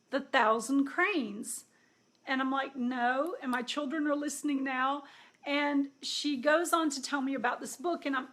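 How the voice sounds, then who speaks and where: A middle-aged woman, a healer, telling a personal story casually and acting out the dialogue with lively quotes. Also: fairly high pitch. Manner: animated, acts out quoted dialogue. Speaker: intuitive healer.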